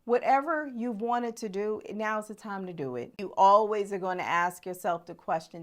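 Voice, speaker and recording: A middle-aged woman coaching her viewers in a motivational vlog. Her voice sits at a medium pitch. She talks in an emphatic, preachy way, with blunt folksy humor, and keeps calling her audience "y'all.". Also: normal speed, few pauses. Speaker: relationship coach.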